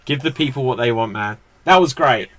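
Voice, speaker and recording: A man's voice: mid-range voice, brisk, fairly bright tone. A man hosting a live online improv comedy show over a video call, upbeat and laughing as he explains the games. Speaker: host.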